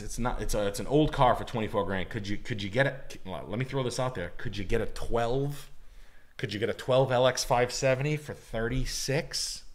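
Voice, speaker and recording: A man co-hosting a livestream chats casually and rambles, swearing as he gives blunt opinions on houses and cars. His voice is medium-pitched with a fairly bright tone.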